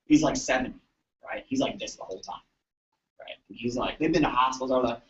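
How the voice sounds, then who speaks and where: Chatty chiropractor, distant echoey room. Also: male voice, mid-range voice, a little fast, muffled recording. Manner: animated, chatty, keeps asking "right?". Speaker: chiropractor presenting to colleagues. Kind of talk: storytelling talk to an audience.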